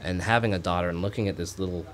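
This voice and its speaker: A man's voice: low voice, steady tone, racing, fairly bright tone. A man talking as a guest on an online talk radio show, earnest and rambling, laughing easily. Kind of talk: casual interview talk.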